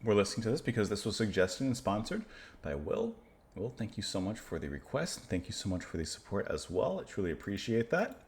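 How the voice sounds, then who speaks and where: Chatty man with a lively pitch. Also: fairly quick. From United States. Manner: chatty, rambling, laughs often. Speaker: music reaction channel host. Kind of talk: casual chat.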